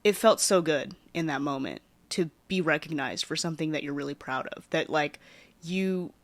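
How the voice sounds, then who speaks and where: A woman's voice: normal speed, no echo. Chatty woman podcaster, dry sound. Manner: rambling, filler-heavy, with lively pitch swings. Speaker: podcast host. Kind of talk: casual storytelling podcast.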